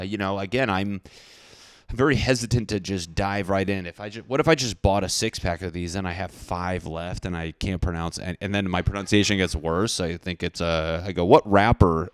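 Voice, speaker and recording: A young man hosts a casual comedy podcast, rambling through self-deprecating jokes and rants. His voice is low and smooth, with no room sound.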